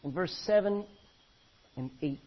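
Husky preacher swinging loud and soft. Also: male voice, expressive, measured pace. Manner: swings between loud emphasis and low quiet lines; reads old-fashioned scripture aloud. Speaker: pastor. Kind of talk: sermon. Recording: dull lo-fi recording.

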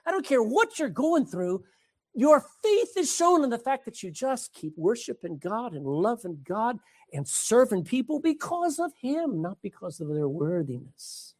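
Animated preacher man delivering a sermon. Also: high-pitched, unhurried. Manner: emphatic, calls out to the congregation. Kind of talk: sermon with scripture reading.

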